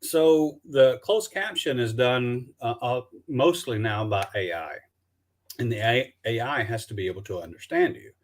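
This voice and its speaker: A man's voice: mid-range voice, lively intonation. Southern man rambling on a live stream. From Alabama. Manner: halting, many restarts and fillers. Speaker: documentary filmmaker guest. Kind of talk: casual live-stream chat.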